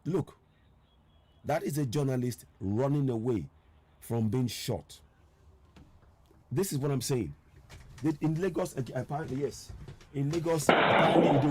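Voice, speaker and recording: Every so often he hammers one point home with insistent rhetorical questions. A man hosts a live stream, pitched in the middle and steady in tone. His delivery moves between quiet explaining and loud, repeated demands that the viewer look and see. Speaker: live broadcast host. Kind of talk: live online commentary with callers.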